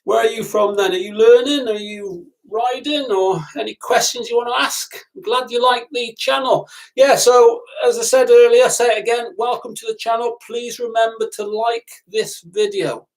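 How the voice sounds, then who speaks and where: A man's voice: very high voice, steady tone, moderate pace, hardly any pauses, poor audio. A middle-aged man with a southern English accent, chatting casually on a live stream and answering viewers by name as a motorcycle instructor. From southern England. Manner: chatty, addresses viewers by name, lots of ums.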